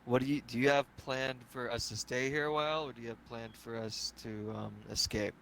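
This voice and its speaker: A male player in a tabletop game speaks tentatively, rephrasing his questions as he goes. His voice is at an average pitch. Faint hiss in the background. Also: fairly even intonation, a little fast, vocal fry, fairly bright tone.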